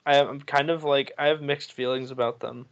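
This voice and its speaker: A man's voice: mid-range voice, steady tone, normal speed, clear, resonant tone, muffled recording. A young man on a casual movie review panel who speaks hesitantly, restarting and trailing off with "I don't know.". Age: young adult.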